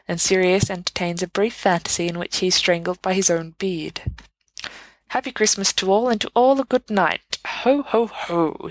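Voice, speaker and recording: A woman reading fan fiction aloud as a podfic, with wry, deadpan narration. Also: lowish voice, vocal fry, dry recording, rough recording. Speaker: podfic reader.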